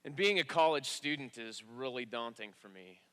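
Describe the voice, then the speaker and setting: A man, a military veteran now in college, reflecting in a measured way on life after service. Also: medium pitch, lively intonation, pushed and bright, smooth. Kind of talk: personal testimony.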